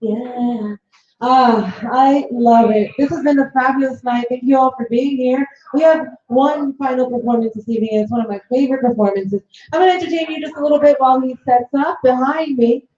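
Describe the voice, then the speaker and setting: A woman's voice: high voice, steady tone, fairly quick, a little mellow. A woman hosting an open-mic comedy night, playfully teasing the audience between acts. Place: open-mic stage in a bar room. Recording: echoey room, dull lo-fi sound.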